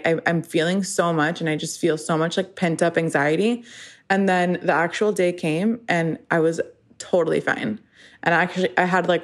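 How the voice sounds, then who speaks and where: Speaking alone on her podcast, a woman in her thirties rambles chattily to her listeners, scattering "like" and "you know" everywhere. She pokes fun at herself, and her voice is slightly low for a woman.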